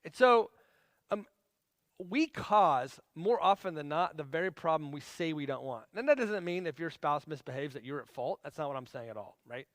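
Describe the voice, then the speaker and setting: A man's voice: on the high side, lively intonation, normal speed, fairly bright tone, dry recording, clean studio sound. Man in his forties teaching a marriage class. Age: 40s. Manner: casual, conversational, acts out scenes.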